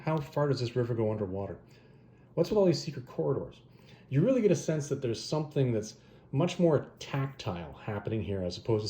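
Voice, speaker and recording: A man casually retelling a fantasy story and reviewing comic adaptations, rambling and animated, correcting himself as he goes. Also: medium pitch. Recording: roomy echo.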